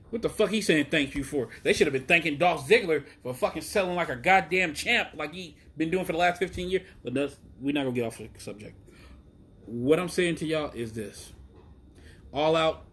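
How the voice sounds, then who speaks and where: A man's voice: a little high, slightly rough. Profane, rambling man ranting about wrestling. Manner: profane, rambling, excitable with many fillers. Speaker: wrestling podcast host. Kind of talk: solo casual rant.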